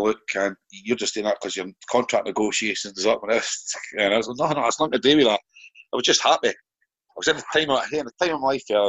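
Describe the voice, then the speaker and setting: Deep husky Scottish man telling stories. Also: fairly bright tone, highs cut off. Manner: rambling, swears freely, restarts often. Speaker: former footballer guest. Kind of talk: casual storytelling in a podcast.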